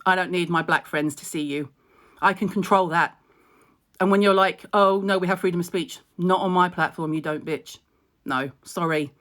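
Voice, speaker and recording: A woman's voice: medium pitch, fairly bright tone. Tearful, outspoken woman. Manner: blunt, outspoken, swears freely. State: tearful and emotional. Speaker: skincare blogger. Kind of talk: direct-to-camera vlog update.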